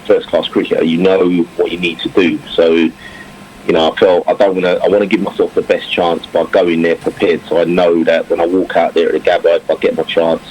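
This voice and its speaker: A former English cricketer chatting in an interview, reflective, with many fillers and restarts. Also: male voice, low-pitched, level tone, brisk, a little mellow, poor audio. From England. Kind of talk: casual interview talk. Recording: faint background noise.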